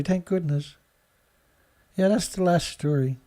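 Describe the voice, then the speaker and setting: A man's voice: high-pitched, expressive, slow pace, long pauses, darkish tone. A man from Canada hosting a solo news commentary show, reading stories aloud with sarcastic, indignant remarks and frequent laughter. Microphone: studio mic.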